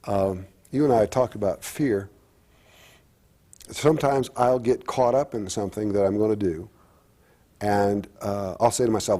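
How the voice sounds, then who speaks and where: Middle-aged guy, low mellow voice, halting, keeps restarting his sentences. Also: steady tone. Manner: halting and reflective, with many restarts. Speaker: guest. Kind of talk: candid personal talk-show conversation.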